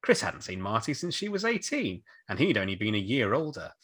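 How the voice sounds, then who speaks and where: This is a man reading a novel aloud to his co-hosts, with a lively, swooping delivery. His voice is bright and the sound is close and dry. He reads in a playful way. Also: fairly low pitch, brisk, husky, no echo. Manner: playful, breaks into laughter, puts on character voices. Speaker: podcast host reading a book aloud. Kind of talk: comedic read-aloud with commentary.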